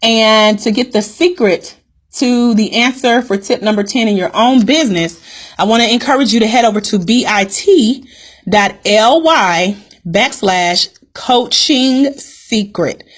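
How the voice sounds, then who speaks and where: A woman's voice: a little high, unhurried. A woman business coach hosting a live-streamed coaching call, upbeat and direct, calling her viewers "guys" and repeating her key points.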